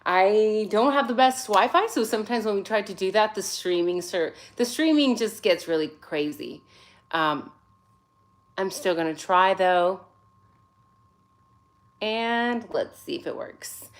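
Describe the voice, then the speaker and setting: Unhurried, with a mid-range voice and lively intonation, a forties-aged woman hosts a casual livestream from her phone in English, her second language. She's sassy and chatty, greets viewers by name, and seems tired but caffeinated.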